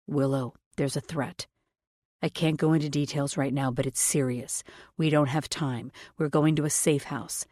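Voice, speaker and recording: A woman voicing a commanding, protective male mafia figure who gives low, clipped, urgent orders in an audiobook. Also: fairly even intonation, moderate pace, mellow, no echo, clean studio sound.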